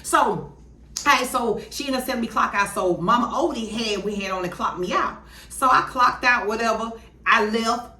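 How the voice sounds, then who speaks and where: A woman telling a storytime in an animated, blunt and profane way. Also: on the high side, moderate pace. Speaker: YouTuber. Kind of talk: casual storytime. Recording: echoey room.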